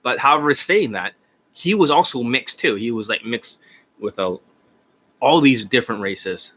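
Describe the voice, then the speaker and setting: Bright-voiced, profane dating coach, rambling. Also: male voice, medium pitch, lively intonation, normal speed. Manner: rambling, profane, often laughing. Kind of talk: casual rambling livestream talk.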